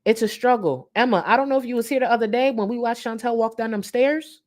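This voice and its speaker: A woman's voice: a little high, fast, darkish tone. A woman doing casual live-stream commentary. She talks bluntly, swears freely and slips into mocking sweetness. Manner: blunt, profane, sarcastic.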